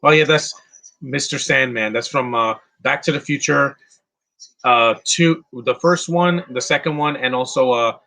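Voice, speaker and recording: Creaky, pushed, and bright, this medium-pitched male voice takes its time. He's doing casual live commentary on a film, bluntly answering chat with opinionated insults amid frequent restarts and fillers.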